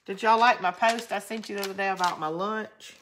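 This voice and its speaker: A woman's voice: medium pitch, steady tone, brisk, noisy background. A woman with a Southern US drawl, hosting a craft channel in rambling, chatty talk while she answers viewer comments. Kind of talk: casual live crafting chat.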